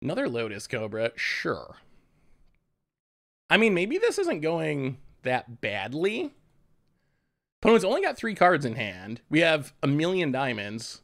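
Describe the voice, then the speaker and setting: A man's voice: fairly high pitch, wildly swooping pitch, a little slow, long pauses, fairly bright tone. A man casually commentating his card game on a live stream, chatty, laughing often and repeating himself as he talks.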